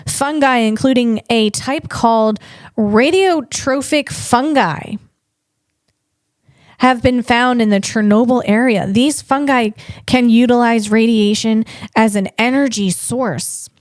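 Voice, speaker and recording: A woman comedian hosting her own podcast, reading facts and breaking off into playful riffs. Her voice sits fairly high, and she talks slowly, tripping over tricky words. The sound is dry and close. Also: no echo. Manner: playful, riffing asides, stumbles on hard words. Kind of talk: solo comedic podcast monologue.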